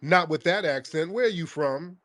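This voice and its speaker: A man's voice: on the high side, normal speed, fairly bright tone, no echo. A man hosting a call-in show, confronting a caller in a heated, scornful, interrogating way.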